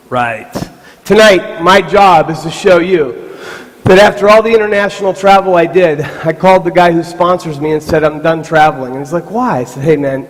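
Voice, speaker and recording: Animated high-voiced man in a reverberant hall. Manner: animated storytelling with voiced asides. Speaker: motivational speaker. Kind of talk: live motivational talk to a youth camp. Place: large hall with live audience. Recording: stage mic in a reverberant hall.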